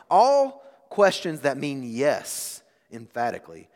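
A man in his thirties delivers a sermon from the pulpit, his slightly high voice rising and falling with lively, animated intonation. He swings from full-voiced emphasis down to near-hushed moments. His words ring out with a long reverb, as in a large hall. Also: normal speed. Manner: expressive preaching with dramatic swings in volume. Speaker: pastor.

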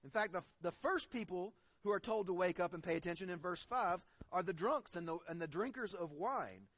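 A man's voice: sits high, expressive, fairly quick, fairly bright tone, no room sound. A man in his forties preaching a sermon, earnest and building to emphatic stresses, weaving personal stories into his point. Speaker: pastor.

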